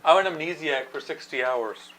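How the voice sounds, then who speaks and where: Mid-pitched player, casual, swears, thinks out loud. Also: animated, normal speed, low-quality recording. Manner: profane, talks through own reasoning. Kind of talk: casual chat.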